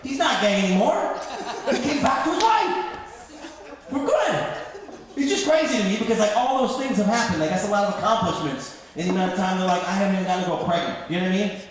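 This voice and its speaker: This high-voiced man in his 30s rattles off a very fast, rambling stand-up set, poking fun at himself on a club stage. Audience laughter and crowd noise fill the echoey club hall.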